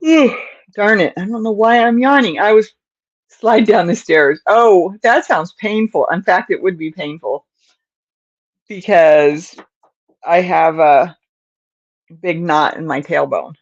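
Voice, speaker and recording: A woman's voice: fairly low pitch, slow, pauses often, no echo, dull audio. An older woman hosting a crochet livestream, chatting in a rambling, casual way to viewers and often chuckling. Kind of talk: casual chat while crocheting.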